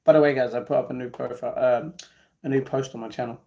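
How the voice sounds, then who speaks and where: A man's voice: medium pitch, fairly even intonation, fast, creaky, mellow. A man hosting a live stream, casually reading out viewer comments and bantering back at them. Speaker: livestream host reading chat.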